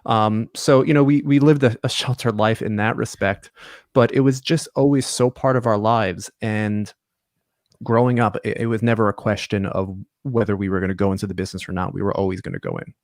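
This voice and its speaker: A man from Long Island, New York, telling his family business story as a guest in a relaxed, casual interview. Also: lowish voice, brisk, no echo, studio quality. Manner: relaxed, storytelling, many fillers. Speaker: guest, company executive.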